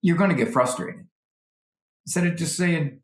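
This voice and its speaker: A man, a psychologist guest, gives animated parenting advice and often acts out parents and children in quick voices. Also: fairly high pitch, echoey room.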